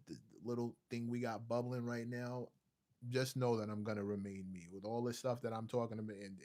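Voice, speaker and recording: A man's voice: lowish voice, darkish tone. A man hosting a casual livestream, joking and talking straight to his chat viewers. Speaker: livestream host.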